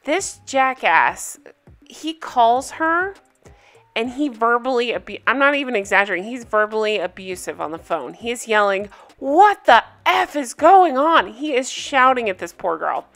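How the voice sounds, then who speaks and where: Woman host, bright higher voice, blunt and emphatic, swears a lot, faint music behind. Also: lively intonation, normal speed. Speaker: reality TV recap host. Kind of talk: casual video recap commentary.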